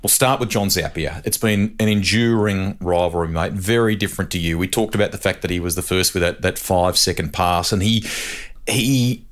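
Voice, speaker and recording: A man's voice: low voice, fairly quick. A man, hosting a podcast and asking conversational interview questions. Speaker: podcast host.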